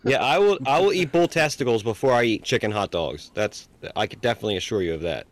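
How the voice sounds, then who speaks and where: Man, podcast co-host, lively pitch, dry close sound, casual chat. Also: quick pace, no room sound.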